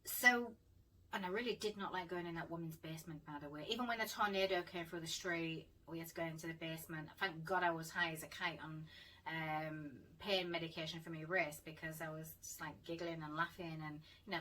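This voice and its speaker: A woman's voice: sits low, fairly even intonation, brisk, bright, forceful tone, distant mic, a little hiss or hum, rough recording. A woman telling a ghost story in a blunt casual vlog, laughing and swearing as she talks. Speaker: paranormal vlogger.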